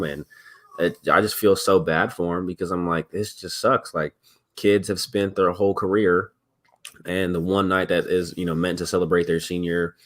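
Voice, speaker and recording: A man's voice: low-pitched, a bit bright. A young man chatting casually on a livestream, rambling with many fillers.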